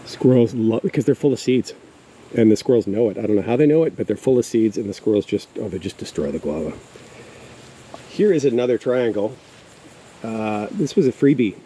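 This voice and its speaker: A man's voice: on the low side, mellow, rough recording. A man giving a casual, rambling tour of his backyard garden outdoors, hesitating often with fillers. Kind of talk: casual walking tour narration. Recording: faint outdoor insect noise.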